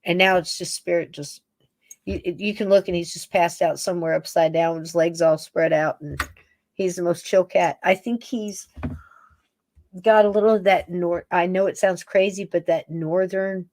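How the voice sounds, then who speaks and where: A woman hosting a paranormal podcast, talking casually and warmly. She rambles from one thought to the next and laughs often. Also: fairly low pitch, fairly even intonation, normal speed, dry recording, studio quality. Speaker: podcast host. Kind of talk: casual chat, talking to her pets on camera.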